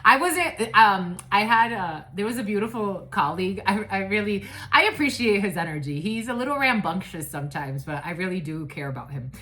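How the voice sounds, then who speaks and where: A woman's voice: mid-range voice, expressive, brisk, hardly any pauses, pushed and bright. A woman giving a casual spiritual reading, blunt and profane, who rambles, restarts and laughs often. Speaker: psychic reader.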